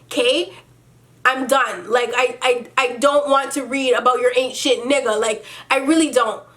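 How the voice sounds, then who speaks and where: A woman hosting a vlog, reading out viewer emails and then ranting about them in a profane, exasperated way. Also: high-pitched. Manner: reads emails in a slow, flat storytelling tone. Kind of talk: casual advice vlog.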